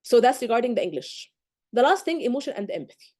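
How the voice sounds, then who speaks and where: A woman's voice: a little high, very animated, fast, warm tone. A woman tutoring medical exam candidates in a live lecture, emphatic and constantly checking in with "okay?" and "do you get?".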